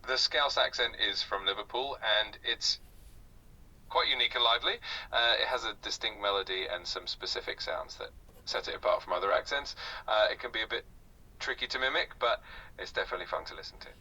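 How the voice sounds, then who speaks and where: Male AI tutor, low-pitched and breathy, patient and upbeat, sounds far off the mic. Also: brisk, sharp tone. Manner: polite, encouraging, with frequent "uh" fillers. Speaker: AI conversation partner.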